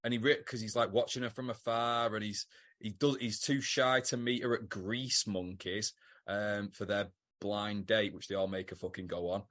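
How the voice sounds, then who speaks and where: A British man co-hosting a podcast in casual chat, animated and sweary, acting out scenes. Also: on the low side, moderate pace. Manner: animated, sweary, acts out scenes in put-on voices. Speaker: podcast co-host.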